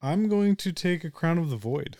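A man's voice: on the high side, expressive, normal speed, warm tone, no echo, clean studio sound. A man playing a tabletop role-playing game, chatting casually about his rolls. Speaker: player.

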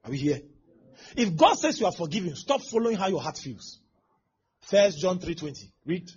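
A man's voice: high voice, very animated, normal speed, a little mellow, husky. A male pastor preaching a sermon, acting out scenes with exclamations and laughter. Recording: dull lo-fi sound with faint background noise.

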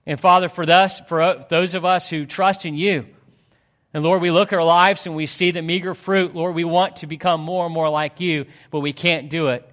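A man preaching a sermon as pastor, swinging between loud pleading and hushed low tones. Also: steady tone, moderate pace.

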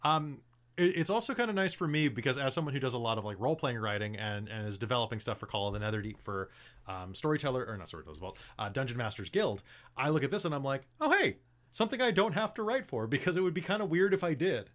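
A man's voice: mid-range voice, lively intonation, fast talker, fairly bright tone. Casual male game master wrapping up a stream, loose, jokey, rambling. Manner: chatty, loose and joking.

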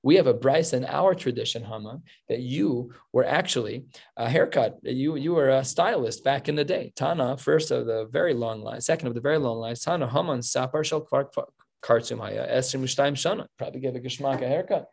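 A man's voice: medium pitch, brisk, vocal fry, darkish tone, slightly rough. A man teaching a casual Talmud class, explaining passages with wry, humorous asides.

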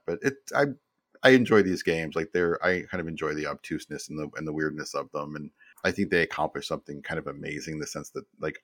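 A man's voice: rumbling low, creaky, fairly bright tone, breathy edge, dry recording, clean studio sound. A man in his fifties, a podcast guest telling stories in a rambling, casual way and often repeating words as he starts a sentence. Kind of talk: casual storytelling chat.

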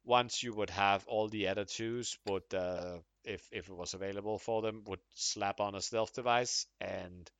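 Sex: man. Role: podcast host. Style: casual chat. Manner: hesitant restarts. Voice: bright, forceful. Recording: dry. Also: lowish voice, fairly even intonation, moderate pace, hardly any pauses, dry recording. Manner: hesitant, repeats words when starting. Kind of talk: casual gaming discussion.

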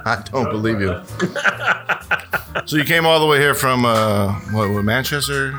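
A man's voice: medium pitch, moderate pace, music in the background. Rambling, laughing podcast host man. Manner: rambling, stumbles over words, laughs often. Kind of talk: casual joking chat.

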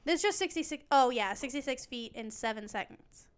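Woman, high voice, smooth and clear, playful, giggly, casual co-host. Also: animated, moderate pace. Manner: playful, giggly, reads facts then jokes. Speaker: podcast co-host. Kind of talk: casual chat reading bird facts.

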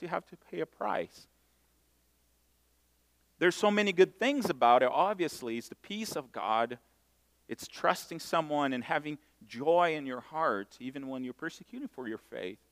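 A middle-aged man from Brazil, preaching a sermon and telling stories in a self-mocking, animated way. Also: medium pitch. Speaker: pastor. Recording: long hall reverb.

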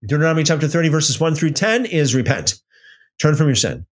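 A man giving informal Bible teaching in an emphatic, animated way, often restarting and using fillers. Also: fairly high pitch, brisk, slightly rough.

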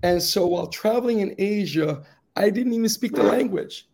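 Gravelly-voiced man telling a heartfelt story. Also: lively intonation, moderate pace. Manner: earnest storyteller, quiet and grave at low points, rising to rousing encouragement. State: slightly raspy. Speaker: guest speaker.

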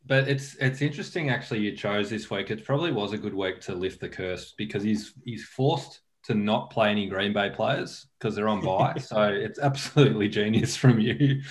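A man's voice: lowish voice, normal speed, hardly any pauses. A man co-hosting a podcast in casual chat, joking and laughing between lines. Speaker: podcast co-host.

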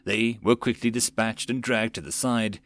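A man reading a web novel audiobook in a plain, steady narrating manner with occasional slips. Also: fairly low pitch, normal speed.

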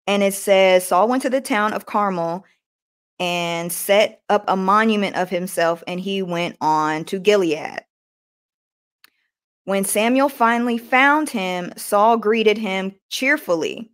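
Female podcast host, mid-pitched voice, devotional reading with self-corrections and plain-spoken commentary. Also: unhurried. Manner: reads aloud with frequent restarts and self-corrections; retells scripture scenes in plain everyday words.

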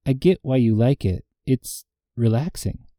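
A thin young novice witch girl, voiced by a man in a storybook reading, speaking softly in a flat monotone. Her voice is dark and mellow, close and dry with no room around it. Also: medium pitch, measured pace, dry recording, close to an everyday voice. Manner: flat monotone, soft and soothing. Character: starved young female novice witch, quiet.

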